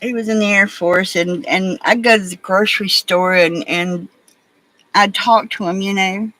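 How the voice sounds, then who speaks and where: A woman with an Alabama accent hosts a relaxed beading livestream. She talks in a folksy, rambling way, telling stories and fussing at her beads as she works. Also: medium pitch, a little slow, poor audio. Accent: Southern US (Alabama). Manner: folksy, rambling, chatty storyteller. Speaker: livestream host. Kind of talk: casual chat while beading.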